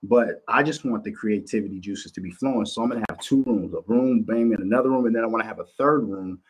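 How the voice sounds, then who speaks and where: A Minnesota man hosts a livestream in a fast, husky, lowish voice. His monologue is loose and repetitive, blunt and full of profanity.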